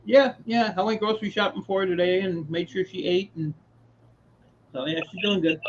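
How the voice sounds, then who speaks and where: A man with a notably high voice tells rambling stories and chuckles along the way. He swears casually. His sound is dull and lo-fi, with faint background noise. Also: fairly even intonation, moderate pace. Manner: laughs while telling stories, swears casually. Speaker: guest on a live scrap chat. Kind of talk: casual storytelling chat.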